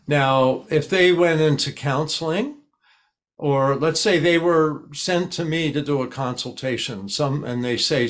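Calm older man explaining patiently. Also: on the high side, unhurried. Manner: calm, explanatory, acts out sample dialogues. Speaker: guest expert on high-conflict people. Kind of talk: conversational interview.

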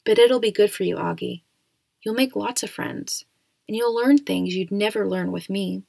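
A woman's voice: mid-range voice, normal speed, vocal fry, a little mellow, dry recording. A woman voicing a patient, coaxing mother.

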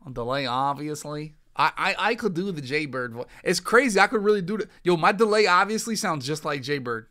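A young man talking casually on his podcast, cracking jokes and trash-talking. His voice sits a little high and sounds bright and forceful. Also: lively intonation, brisk. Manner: loose, joking trash talk. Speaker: podcast host. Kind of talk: casual chat while streaming.

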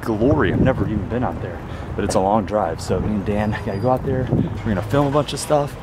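A man's voice: fairly low pitch, fast talker, very noisy. A young man vlogging casually while walking down a city street, upbeat and rambling.

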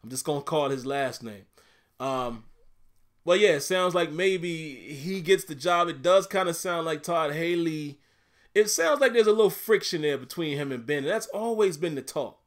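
A man's voice: on the high side, animated, normal speed. A man with a Southern US accent hosting a casual livestream, reading viewer comments aloud in a laid-back, chatty way and laughing often. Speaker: YouTube livestream host.

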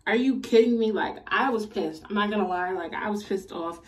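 Young woman, casual storytime vlog, slangy and exasperated, mid-pitched voice, sits a bit back from the mic. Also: brisk, distant mic. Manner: animated, slangy, exasperated retelling. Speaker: vlogger.

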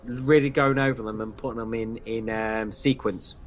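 A man's voice: on the low side, fairly even intonation, normal speed, slight background noise. A man co-hosting a fan podcast, chatting enthusiastically, repeating himself with plenty of fillers. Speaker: podcast co-host. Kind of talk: casual podcast chat.

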